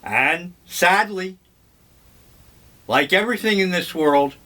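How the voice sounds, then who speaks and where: An older man vlogging, telling memories in a slow, wry, meandering way. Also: on the high side, fairly bright tone. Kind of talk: casual reminiscing monologue.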